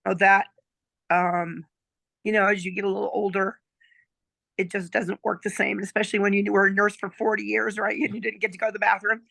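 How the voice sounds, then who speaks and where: Brief: gravelly-voiced woman in her sixties, chatty storyteller, dry close sound. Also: mid-range voice, flat delivery, brisk, a bit bright, no room sound. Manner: chatty, checks in with "okay?" and "right?". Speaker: client giving a testimonial. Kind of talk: casual storytelling chat.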